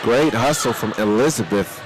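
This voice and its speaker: A man doing easygoing live commentary on a high school girls' basketball game, leaning on "you know" fillers. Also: normal speed. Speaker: play-by-play commentator. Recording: noisy gym with loud crowd.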